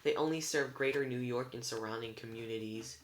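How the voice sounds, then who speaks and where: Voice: mid-range voice, brisk, a little hiss or hum, close to an everyday voice. A reader voicing Annabeth, a clever, bossy girl who explains things as if they were obvious in a storybook reading. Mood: matter-of-fact. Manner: matter-of-fact, bossy.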